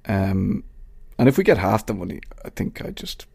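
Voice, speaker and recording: His deep, gravelly voice has a sing-song lilt and sounds a little mellow and slightly rough, moving at a moderate pace. He's a middle-aged Irish podcast host giving a casual solo outro, rambling, swearing and joking with an imaginary colleague.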